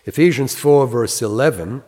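A man preaching a sermon, reading scripture slowly and with emphasis, then explaining it in a plain, conversational way. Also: medium pitch, warm tone. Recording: long reverb.

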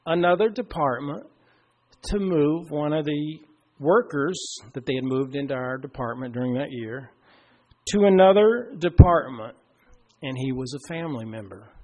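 A middle-aged man preaching a sermon, telling a personal story and slowing down and dropping to a hush for emphasis. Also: a little high.

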